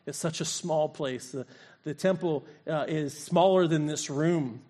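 Higher-voiced pastor preaching a sermon. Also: male voice, a little slow, mellow. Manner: storytelling preacher acting out scripture voices. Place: church sanctuary.

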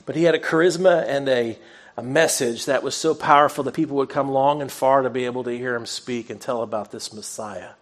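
Male pastor, sermon, earnest, conversational, storytelling, self-deprecating, mid-pitched. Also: a little fast.

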